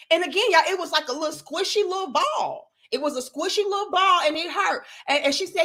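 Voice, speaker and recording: A young woman talks straight to her live-stream viewers in a blunt, profane rant. Her voice sits high and sounds bright and forceful. She keeps stressing her points emphatically. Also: fairly quick, few pauses.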